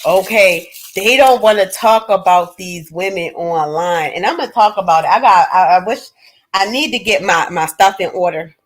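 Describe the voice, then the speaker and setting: A woman holds forth on a livestream. She is blunt and profane, swearing freely as she talks to her chat. Her voice swings between loud bursts and low asides. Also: normal speed. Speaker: livestream host. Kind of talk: casual livestream rant.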